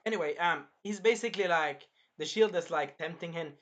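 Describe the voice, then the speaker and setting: A man's voice: fairly high pitch, brisk, fairly bright tone. A young man hosting a casual anime review, rambling with lots of fillers and acting out scenes.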